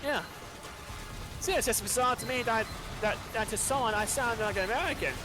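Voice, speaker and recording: A man's voice: very high voice, fairly quick, music in the background. A man with an Australian accent chatting casually while gaming, stumbling and repeating his words. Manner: stammering, repeats words, laughs often. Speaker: gamer on voice chat.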